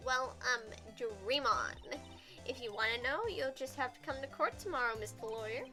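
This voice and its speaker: A woman's voice: sits high, animated, moderate pace, over music. Woman doing a coy, teasing flirt.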